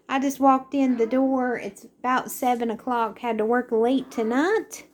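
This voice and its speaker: A woman's voice: a little high, steady tone, unhurried, few pauses. A young woman chatting casually through a grocery haul, rambling and friendly in tone. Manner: chatty, rambling, talks to her cat in a sing-song voice. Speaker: vlogger.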